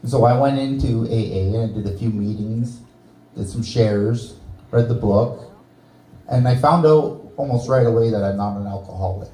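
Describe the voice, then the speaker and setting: A man's voice: medium pitch, normal speed, warm tone, echoey room, low-quality recording. A Canadian man doing a stand-up set in a small bar, teasing the audience with crude jokes. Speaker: stand-up comedian. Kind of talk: stand-up set with crowd work.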